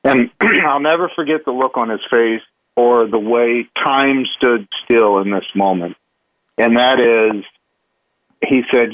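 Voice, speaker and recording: A man telling a candid personal story as a guest, halting with many restarts and fillers. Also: medium pitch. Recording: tinny phone line.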